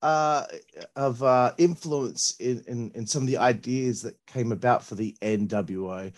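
A man hosting an interview, asking questions hesitantly with many pauses and restarts. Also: medium pitch. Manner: hesitant, full of uhs and restarts. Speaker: interviewer, host. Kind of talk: casual interview.

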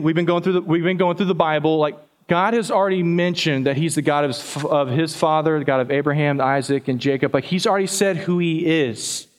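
A man preaching a sermon as pastor, talking conversationally to the congregation and often repeating words. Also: on the high side.

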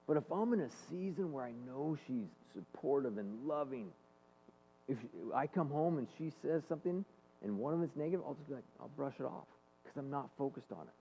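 A man in his forties giving an earnest, animated faith-based talk, telling personal stories to an audience in a large hall. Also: mid-range voice, fairly quick, vocal fry, slightly rough. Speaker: speaker and leadership coach. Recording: long hall reverb, phone-like band.

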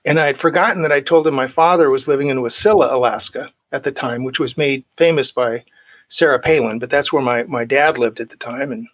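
A man's voice: medium pitch, a little fast. A middle-aged man in his forties, a guest telling a personal recovery story, acting out the dialogue he quotes.

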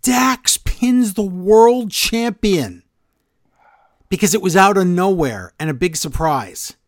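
Wrestling podcast cohost, blunt teasing guy, kinda high voice, dry close sound. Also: animated, slow pace, dry recording. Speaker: podcast co-host. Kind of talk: casual wrestling podcast chat.

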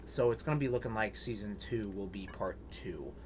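A man's voice: on the low side, moderate pace, a little hiss or hum. A man co-hosting a podcast in casual chat, rambling and joking with many fillers. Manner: rambling, jokey, lots of fillers. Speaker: podcast co-host.

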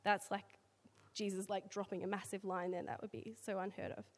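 In a level, mid-range voice that runs a little fast, an Australian woman preaches a chatty sermon, reading from scripture and filling the gaps with casual asides and filler words. She is a church speaker, and the recording carries long hall reverb.

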